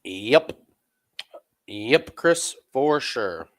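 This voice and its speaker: Joking live-stream host, loud laughs. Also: male voice, medium pitch, expressive, drawn-out words. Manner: joking, repeats catchphrases, laughs loudly. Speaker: sports betting show host. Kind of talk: casual live-stream chat.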